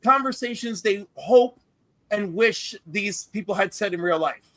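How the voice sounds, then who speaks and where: A man with a very high, bright voice talks eagerly in a casual podcast chat. The sound is close and dry, with no room around it. He leans on fillers as he goes. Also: unhurried, no echo. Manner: enthusiastic, talks with many fillers.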